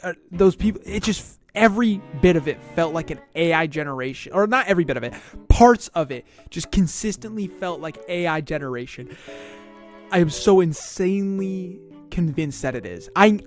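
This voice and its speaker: An online commentator in a casual video, excitable and stammering, firing off rhetorical questions. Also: mid-range voice, moderate pace, faint music behind.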